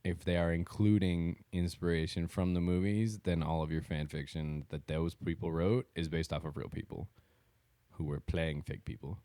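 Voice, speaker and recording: A low-voiced man banters on a podcast, blunt and teasing, dropping casual swears. His voice is deep and recorded close and dry. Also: level tone, moderate pace, mellow, clear, resonant tone, no room sound. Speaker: podcast co-host. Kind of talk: casual chat.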